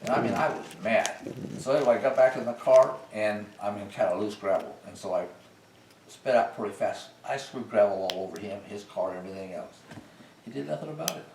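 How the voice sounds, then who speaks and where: An older man with a low voice tells his service stories in a folksy, unhurried way. He turns animated when he relives old arguments. His voice sits some distance from the mic in a roomy space with a faint hiss under it. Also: gravelly. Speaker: veteran interviewee. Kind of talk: casual storytelling.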